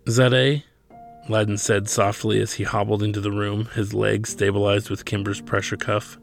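Low, gravelly male author reading aloud. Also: faint music behind. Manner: steady, measured storytelling. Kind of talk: reading his novel aloud.

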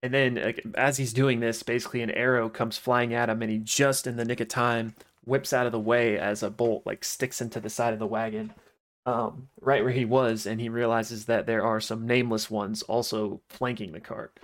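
A man's voice: mid-range voice, level tone, normal speed. A man retelling the events of a game episode in a loose, casual chat, full of fillers like "you know" and "like". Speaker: podcast host recapping an episode.

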